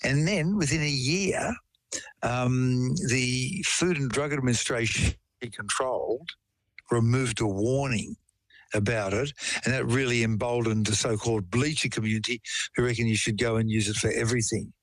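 A man's voice: mid-range voice, normal speed, no echo, low-quality recording. A man in a casual chat, explaining medical ideas with everyday examples and telling a case story. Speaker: science explainer.

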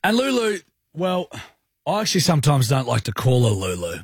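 A man's voice: a little high, wildly swooping pitch, fairly quick, slightly rough, dry recording. A man with an Australian accent co-hosting a radio show, chatting and teasing his co-host. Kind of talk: casual radio banter.

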